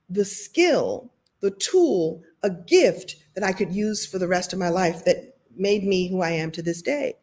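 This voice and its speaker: A woman from Brooklyn hosts a motivational talk and tells a personal story. She speaks with animated, self-deprecating energy, often speeding up and slowing down. Her pitch sits in the middle range. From Brooklyn, New York. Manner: animated, self-deprecating, shifting pace and loudness.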